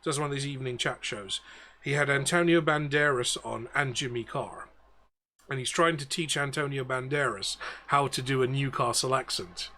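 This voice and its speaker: A man's voice: medium pitch, normal speed, bright, forceful tone, a little hiss or hum. A man talking as game master, chatting casually out of game and explaining things in a rambling way.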